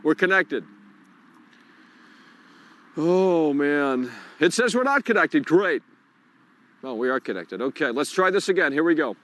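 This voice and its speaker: A frustrated man hosts a live call-in stream from outdoors, his voice pitched slightly high. He talks in irritable, profanity-laced mutters and rants while struggling with his tech. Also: very animated, a little slow, long pauses, fairly bright tone.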